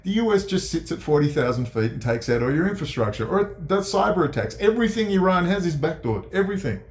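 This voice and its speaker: A man giving ranting commentary, sarcastic and profane, dropping to low mutters and jumping to high mocking outbursts. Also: very animated, quick pace. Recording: echoey room.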